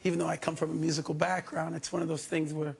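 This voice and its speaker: A man's voice: on the high side, level tone, fast, creaky, a little mellow, slightly rough. A man, an actor, chatting easily as a talk show guest. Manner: easygoing, playful, drawling. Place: TV studio.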